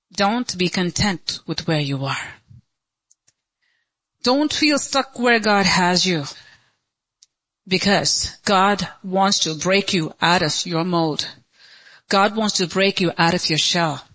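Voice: mid-range voice, a bit bright, no room sound, low-quality recording. A pastor preaching a sermon with impassioned, repeated rhetorical questions.

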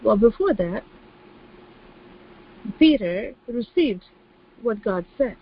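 A woman's voice: on the high side, expressive, slow, breathy edge, muffled recording. A woman preaching a sermon with emphasis, repeating key phrases and acting out the voices of the people she quotes.

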